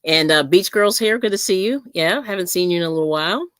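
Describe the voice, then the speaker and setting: Low-voiced woman hosting a chatty interview. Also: animated, fast talker, no room sound, clean studio sound. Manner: warm fillers, frequent "yes" and "mm-hmm". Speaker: host. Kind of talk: casual podcast-style interview.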